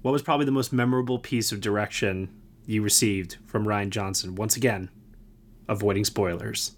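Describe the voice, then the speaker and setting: A man's voice: lowish voice, fairly even intonation, a little fast, a little hiss or hum. A man interviewing a guest, asking questions and wrapping up with hesitant fillers.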